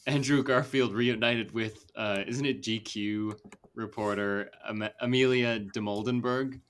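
A man's voice: on the low side, steady tone, unhurried, fairly bright tone, slight background noise. A young man hosting a casual movie podcast, chatty and rambling, with lots of fillers and laughter. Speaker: podcast host. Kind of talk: casual chat.

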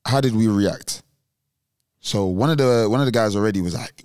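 A man's voice: fairly low pitch, normal speed, darkish tone, clean tone, no echo, studio quality. A young man, telling a story on a casual podcast and acting out other people's voices. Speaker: podcast co-host.

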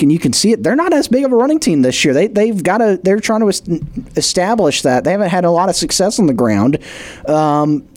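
A man's voice: on the high side, a little mellow. Rambling sports radio co-host, a man. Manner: rambling, halting, many fillers and restarts. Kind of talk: casual sports radio talk.

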